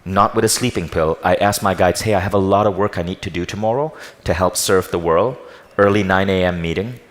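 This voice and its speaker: Low-voiced man telling a story on stage. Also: brisk, big-room sound. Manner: animated storyteller, acts out dialogue, addresses audience. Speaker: speaker on stage. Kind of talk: motivational stage talk, storytelling. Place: large hall with live audience.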